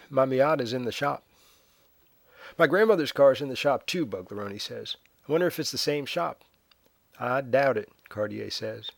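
A man's voice: mid-range voice, no room sound. Dry-voiced male audiobook narrator. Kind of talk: scripted narration with character voices.

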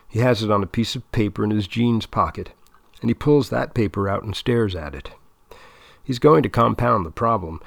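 A man reads a story aloud in a dramatic, wry way. His voice is low and gravelly, and the sound is dry and close. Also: no room sound. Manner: wry, ironic. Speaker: narrator.

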